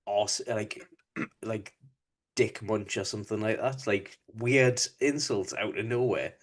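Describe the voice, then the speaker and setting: A young man with a lowish voice co-hosts a casual podcast chat. He speaks slowly and unhurriedly. His teasing comes across dry and laid-back. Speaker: podcast co-host.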